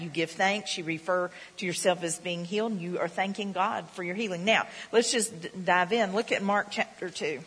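Woman preaching, chatty, keeps asking the crowd stuff, bright voice, big echoey hall. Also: medium pitch, slightly rough. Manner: conversational, repeats herself, asks the audience questions. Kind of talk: sermon. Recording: long reverb of a hall.

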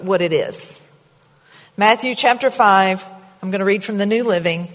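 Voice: mid-range voice, fairly bright tone. A pastor preaching a sermon in a church, in a conversational way, asking the congregation questions. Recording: reverberant hall sound.

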